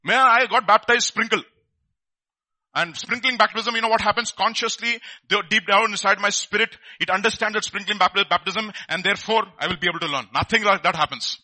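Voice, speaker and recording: A man preaching a lively sermon, asking his listeners rhetorical questions and acting out the people in his stories. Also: high-pitched, fairly quick, no echo.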